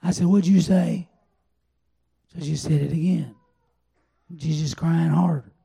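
An older man preaching a sermon, telling a personal testimony in a folksy, drawn-out way. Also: fairly high pitch, fairly even intonation, creaky, dark tone, husky. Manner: folksy storytelling, drawn-out pauses. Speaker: pastor.

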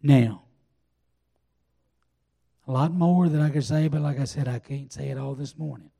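Older man preaching, gravelly and dark. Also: medium pitch. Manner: folksy storytelling, drawn-out pauses. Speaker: pastor. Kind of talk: sermon with personal testimony.

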